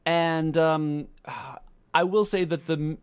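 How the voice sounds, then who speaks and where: A man's voice: a little high, fairly even intonation, slow pace, smooth, dull audio. A man co-hosting a podcast in casual chat, weighing his opinions aloud. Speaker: podcast co-host.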